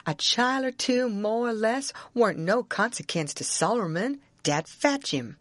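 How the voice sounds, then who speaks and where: A woman's voice: fairly high pitch, lively intonation, a little slow, no echo, pitched above the performer's own voice. A woman voicing a stubborn, argumentative grown runaway man in a heavy rural Southern dialect, in an audiobook. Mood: puzzled, stubborn. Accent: Southern American.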